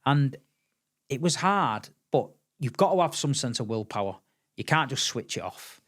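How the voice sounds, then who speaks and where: At normal speed and medium pitch, a middle-aged man from England talks casually as a guest on a podcast. He brings his stories to life by acting out the quotes, and he repeats words as he goes.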